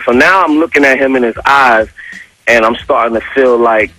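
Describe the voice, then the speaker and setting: A man on a radio show, casually telling a story with animated, profane street slang. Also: medium pitch, normal speed, no echo, poor audio. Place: radio studio.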